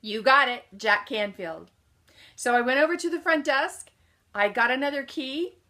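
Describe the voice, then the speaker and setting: A lively woman motivational speaker recounts a personal story with a bright, forceful voice that sits a little high. She acts out what people said and puts questions to the audience, then answers them herself. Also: moderate pace.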